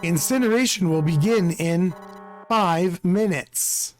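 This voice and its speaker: A man voicing a machine announcer that reads out a countdown in a flat, announcing tone. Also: high-pitched, slow, faint music behind.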